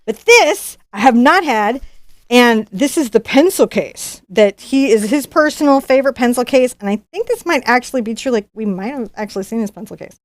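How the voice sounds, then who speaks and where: A woman's voice: a little high, expressive, moderate pace, no room sound, clean studio sound. A woman artist hosting a live unboxing stream, chatty and bubbly, often restarting her sentences. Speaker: professional artist and channel host.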